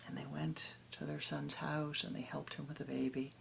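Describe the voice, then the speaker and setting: A woman spiritual teacher telling a parable in a meditation talk, dramatic and rhythmic, often dropping to a hush. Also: deep voice, little pitch movement, normal speed, gravelly, slight background noise.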